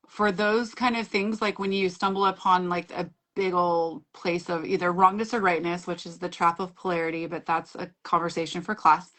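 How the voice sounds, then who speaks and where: A woman's voice: on the low side, a bit bright. A woman in her forties, a class facilitator, talking casually on a video call and acting out her own quoted dialogue with frequent laughs.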